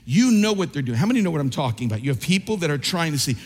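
A male pastor preaching a sermon with animated storytelling, acting out the voices he quotes. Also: fairly high pitch, fast talker, husky. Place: church sanctuary. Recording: reverberant hall.

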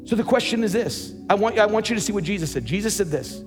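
A man's voice: sits high, animated, quick pace, long reverb tail, over music. A man preaching a sermon as pastor, emphatic and repeating words as he builds his points.

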